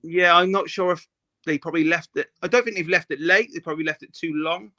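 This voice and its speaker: A man's voice: on the high side, steady tone, fast, sharp tone, no echo. A man, co-hosting a casual football chat, opinionated and rambling with many restarts. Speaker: podcast co-host.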